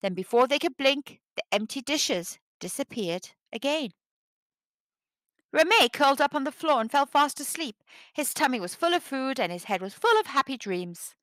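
Lively woman reading a children's story. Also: high-pitched, moderate pace, dry recording. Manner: expressive, animated storytelling. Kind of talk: children's read-aloud narration.

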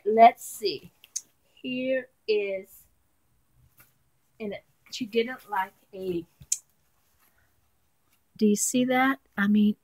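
A woman's voice: medium pitch, low-quality recording. A woman vlogger chatting casually as she unboxes craft supplies, gushing and talking to her viewers. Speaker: craft vlogger reviewing a swap.

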